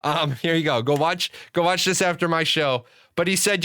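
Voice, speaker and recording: A man's voice: a little high, moderate pace, hardly any pauses, bright, forceful tone, clean tone, no room sound, clean studio sound. A man streaming live, ranting with lots of swearing and frequent restarts as he talks to his chat. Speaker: gaming streamer. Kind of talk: profane live-stream rant.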